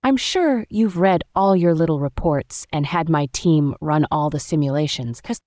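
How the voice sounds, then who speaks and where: A woman's voice: low-pitched, normal speed, a little mellow, no echo, close to an everyday voice. A woman voicing a cocky male engineer who talks in a dismissive, mocking way, in a read-aloud story. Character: cocky rule-breaking male engineer, sardonic.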